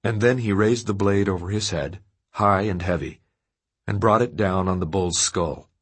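Husky, low-voiced male narrator. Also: moderate pace. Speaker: audiobook narrator. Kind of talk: scripted narration of dark fiction.

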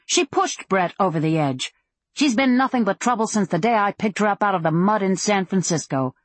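A woman voicing a hard, sharp-tongued woman who runs a saloon, speaking sharply and ranting. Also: medium pitch, animated, a little fast, dry recording, natural voice.

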